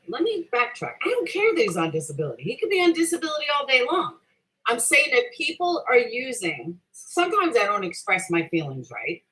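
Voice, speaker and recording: A woman's voice: on the high side, sharp tone, rough recording. A middle-aged woman hosting a livestream, combatively ranting at her chat with heavy swearing, defending herself and repeating her point. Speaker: livestream host answering chat. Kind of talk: heated casual rant.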